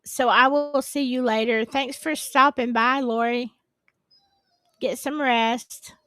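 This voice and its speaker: A woman's voice: sits high, fairly even intonation, takes it slowly, bright, forceful tone. A woman hosting a live stream, chatting casually and apologizing in a flustered, rambling way. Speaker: livestream host.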